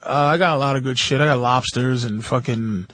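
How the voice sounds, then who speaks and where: An American man telling a story in casual chat, profane and animated, often mimicking the voices of others. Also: medium pitch, a little fast. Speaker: radio show guest comedian.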